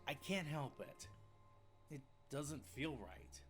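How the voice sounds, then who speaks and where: A man's voice: on the high side, animated, slow. A man voicing an uneasy young defense attorney. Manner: nervous, grumbling. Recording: game audio with music behind.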